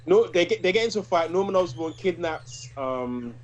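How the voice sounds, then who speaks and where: Animated man, slightly high voice. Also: normal speed, a little hiss or hum. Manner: animated, acts out quoted lines from a cartoon. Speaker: podcast co-host. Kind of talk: casual chat.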